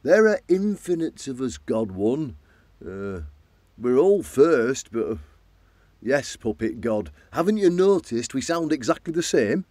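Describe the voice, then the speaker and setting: A man's voice: medium pitch, sing-song, a little slow, darkish tone, no room sound, pitched above the performer's own voice. A man doing a pompous Yorkshire god. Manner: grand, says "us" for himself. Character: pompous, boastful male god.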